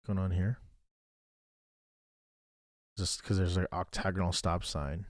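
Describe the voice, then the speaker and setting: A man's voice: low voice, flat delivery, measured pace, dry recording, studio quality. A man streaming a geography game, thinking aloud in a chatty way and thanking viewers as he plays. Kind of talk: casual live-stream game commentary.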